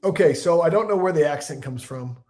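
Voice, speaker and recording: A man in his forties from Illinois, a football analyst telling stories as a podcast guest, rambling and animated. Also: fairly high pitch, brisk. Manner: animated, rambling storyteller with restarts and voiced quotes. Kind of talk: casual storytelling chat.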